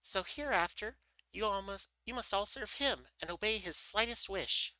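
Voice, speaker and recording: A man reading aloud, voicing a tiny, proud female mouse queen with a squeaky, indignant manner. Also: normal speed, sharp tone, dry recording, low-quality recording. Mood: squeaky regal. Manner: indignant, regal.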